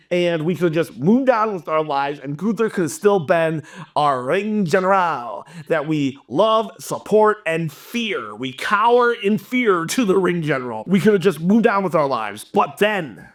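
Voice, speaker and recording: A young man hosting a wrestling channel, delivering an animated, exasperated opinion rant to camera. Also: high-pitched, unhurried.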